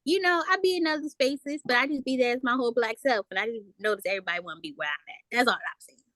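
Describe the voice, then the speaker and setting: A woman co-hosting a casual podcast, her voice bright and a touch high. She talks in a playful, animated way and acts out the people in her stories. The sound is dry and close, with no room echo. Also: racing. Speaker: podcast co-host. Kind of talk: casual chat.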